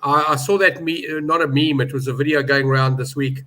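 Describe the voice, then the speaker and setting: A man's voice: fairly high pitch, fairly even intonation, a little fast, bright, forceful tone, low-quality recording. A man giving opinionated betting views in a casual panel chat, stressing his points hard. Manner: opinionated, emphatic about prices. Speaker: betting pundit.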